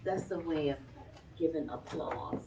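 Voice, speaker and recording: Lady librarian doing story time for little kids, slow and bouncy, sounds far off and muffled. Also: low-pitched, heavy background noise. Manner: animated, sing-song, talking to small children. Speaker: children's librarian. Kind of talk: reading a picture book aloud to children. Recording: distant, dull lo-fi sound.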